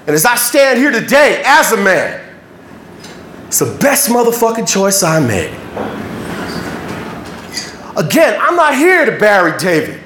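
Guy telling a story on stage, swears a lot, animated, echoey hall with faint noise. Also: high voice, a little slow, long pauses. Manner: profane, emphatic, animated.

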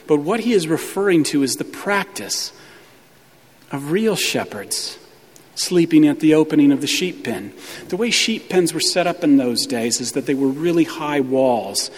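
A man's voice: a little high, husky, big-room sound. A male pastor preaching a sermon with emphatic, hammering repetition.

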